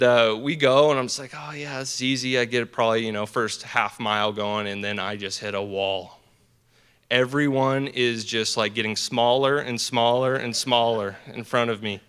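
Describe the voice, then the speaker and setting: Young guy telling his story at a team dinner, bright clear voice, earnest, lots of ums. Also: mid-range voice. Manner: earnest, animated storyteller with many fillers. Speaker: guest speaker at a team dinner. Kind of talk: personal storytelling speech. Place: banquet hall.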